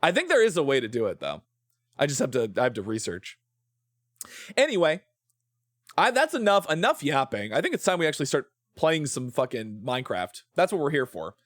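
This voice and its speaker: A man's voice: medium pitch, wildly swooping pitch, a little fast, a bit bright, no echo, studio quality. A man streaming a game, rambling playfully about shows and swearing freely as he plays. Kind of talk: casual live-stream chat while gaming.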